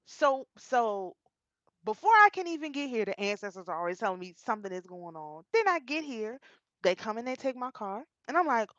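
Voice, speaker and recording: A middle-aged woman vlogger telling a personal story in a casual, animated way, often repeating and restarting her phrases. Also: fairly high pitch, brisk, no room sound. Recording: dull, dry lo-fi sound.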